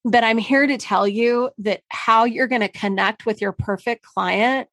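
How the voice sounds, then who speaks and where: A woman's voice: fairly high pitch, unhurried, fairly bright tone, no echo. A middle-aged woman hosting a casual solo podcast, talking candidly and emphatically, with mild swearing. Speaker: podcast host and marketing consultant.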